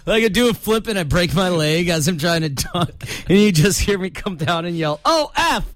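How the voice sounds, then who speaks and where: Joking man in casual sports banter. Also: high-pitched. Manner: joking, quick reactions, laughs often. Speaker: podcast co-host.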